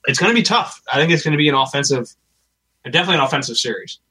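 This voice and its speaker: A man's voice: on the high side, lively intonation, racing, sharp tone, slightly rough, rough recording. A man co-hosting a casual sports podcast, giving opinions with lots of hesitation and restarts. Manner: hesitant, many fillers and restarts. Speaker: podcast co-host.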